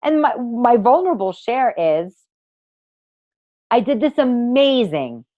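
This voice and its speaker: A woman coach hosts a live online masterclass for women, speaking slowly in a rather high, very animated voice. She's theatrical, emphatic and gushing, swearing freely, and the recording is muffled with no room sound.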